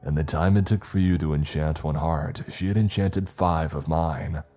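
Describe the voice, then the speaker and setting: A hulking, rabid beast of a man taunts his enemy with snarling threats, played by a male narrator. His voice sits extremely deep and dark, with a mocking cruelty in every line. Faint music plays underneath the audio-drama reading. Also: steady tone, moderate pace. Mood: menacing taunts.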